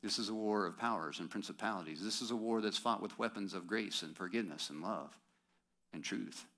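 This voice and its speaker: A man with a fairly low voice preaches a sermon at a church service. He talks to the congregation in a conversational way, asking rhetorical questions and tossing in quick asides. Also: fairly bright tone. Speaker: pastor.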